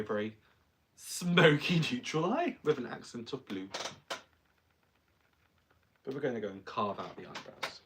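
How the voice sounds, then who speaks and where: A man's voice: medium pitch, a bit bright, slight background noise. A man who is a drag performer, chatting playfully while doing his makeup and laughing often.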